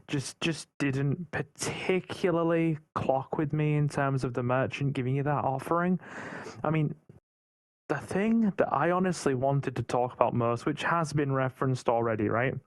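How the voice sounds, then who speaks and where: A man's voice: medium pitch, no echo. A British man talking casually in a podcast roundtable, rambling and often repeating words as he thinks. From Britain.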